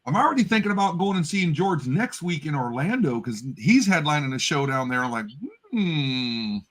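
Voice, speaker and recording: Animated grandfather chatting on a livestream. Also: a little high. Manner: animated storyteller, quick laughs. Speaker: co-host. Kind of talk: casual livestream chat.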